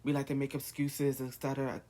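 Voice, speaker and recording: A man's voice: mid-range voice, monotone, a little fast, mellow. A man vlogging, firing off heated rhetorical questions in a rant to camera. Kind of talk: ranting to camera.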